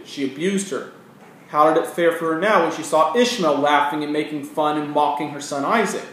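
A man preaching a sermon in an earnest way, with rising emphasis and quiet asides. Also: high voice. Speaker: pastor. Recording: very echoey room, mic at a distance, faint noise.

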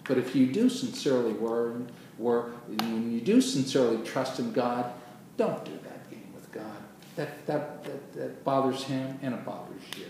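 A man's voice: mid-range voice, expressive, normal speed, gravelly. Man preaching in an echoey hall. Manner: emphatic, swinging from quiet to loud. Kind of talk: sermon. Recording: echoey hall from far off with noise.

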